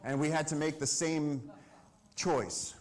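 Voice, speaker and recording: A man telling an animated story at a live conservation event, acting out the lines of the people in it. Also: fairly high pitch, slow. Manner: lively storyteller, acts out dialogue and shouts. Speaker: conservation speaker.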